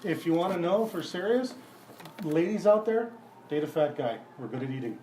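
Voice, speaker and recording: Forties male comic guest, slightly high pitch, loud profane storyteller. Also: moderate pace, a little hiss or hum. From Canada. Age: 40s. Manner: profane, animated storyteller acting out voices. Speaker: guest comedian. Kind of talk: casual storytelling chat.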